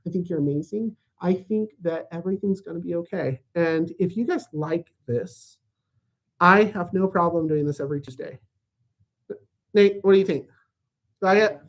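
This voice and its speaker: A man's voice: high-pitched, normal speed. A man hosting a casual comedic positive-news recap, rambling and jokey. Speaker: host of a weekly positive news show. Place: at home in Tulsa.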